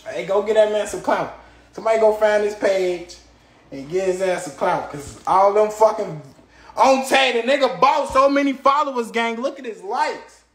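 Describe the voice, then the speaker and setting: A man's voice: high voice, lively intonation, moderate pace, roomy sound. A young man, ranting angrily and profanely at a rival, repeating street tags like "gang" and "on tape". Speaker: rapper ranting on a livestream. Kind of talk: angry ranting rant.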